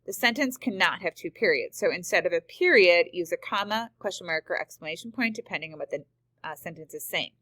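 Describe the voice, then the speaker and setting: A woman's voice: on the low side, lively intonation, a little fast, a bit bright, no room sound. A woman teacher explaining punctuation rules step by step, reading example sentences aloud. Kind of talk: screen-recorded grammar lesson.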